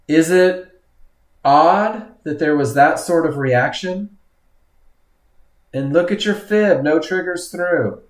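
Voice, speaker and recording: A man's voice: on the high side, slow pace, pauses often, roomy sound. A man teaching a live trading webinar, commenting on charts and often exclaiming at what the market does. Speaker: trading instructor.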